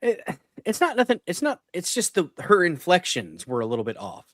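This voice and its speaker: A man's voice: high-pitched, wildly swooping pitch, brisk, a bit bright, dry recording, clean studio sound. A man in casual chat who rambles and trails off mid-thought.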